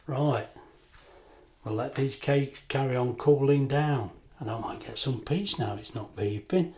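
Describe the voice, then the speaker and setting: An older man talks casually in his home kitchen, drifting into rambling workplace stories and laughing often. His voice sits at an everyday middle pitch. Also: measured pace, a little mellow. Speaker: cooking vlogger. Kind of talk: casual kitchen vlog chat.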